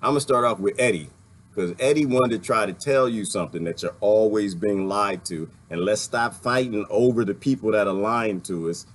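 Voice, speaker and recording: A man's voice: fairly low pitch, moderate pace. A man delivering a rambling, heated and sarcastic monologue as a video commentator, laughing now and then between points. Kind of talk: ranting monologue.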